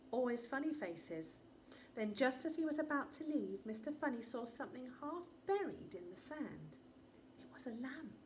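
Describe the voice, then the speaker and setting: A woman teacher reading a storybook aloud to children, expressive and asking her listeners questions. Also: medium pitch, slight background noise. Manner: expressive, gasping in wonder, asks the listener questions.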